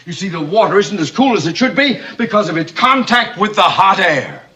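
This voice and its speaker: A stammering, flustered bank manager. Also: male voice, high voice, big pitch swings, brisk, bright, forceful tone, exaggerated voice. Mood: fussing. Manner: stammering, nervous, with uh's and sputtered words. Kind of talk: 1960s sitcom acting. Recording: dull old TV soundtrack with noise.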